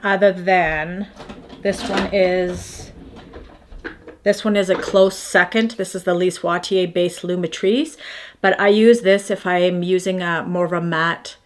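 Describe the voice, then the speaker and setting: A woman's voice: lowish voice, fairly even intonation, a little slow, a little hiss or hum. A woman in her fifties chatting casually through her morning skincare routine, rambling and self-deprecating as she shows each product. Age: 50s. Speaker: beauty vlogger.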